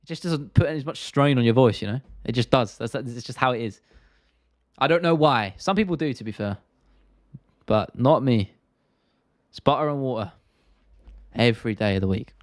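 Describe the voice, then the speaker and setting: A man's voice: medium pitch, normal speed, long pauses, no room sound, clean studio sound. A man with a South London accent hosting an MMA live stream, chatting casually and bluntly while reading viewer comments. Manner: chatty, blunt, swears freely, drops T's.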